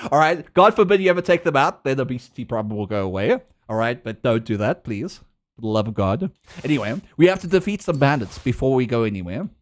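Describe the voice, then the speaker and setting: A man's voice: medium pitch, quick pace. A young South African man streaming a game, ranting in casual, profane, laughing chat. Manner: animated, profane, laughing rants.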